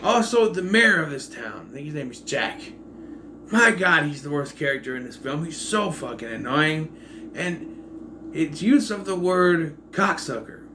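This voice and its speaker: A man talks through a movie review in a loose, rambling way, his pitch bouncing up and down as he goes. His voice is bright and forward, with a faint hum behind him. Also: a little slow. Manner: rambling, animated, with frequent throat clearing. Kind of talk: casual spoken movie review.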